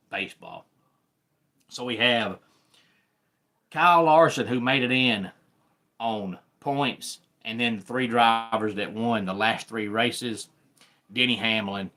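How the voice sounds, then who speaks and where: A man with a Southern accent hosting a live sports talk stream, chatting with viewers in an unhurried way. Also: lowish voice, bright, forceful tone. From American South. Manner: unhurried, greets viewers by name.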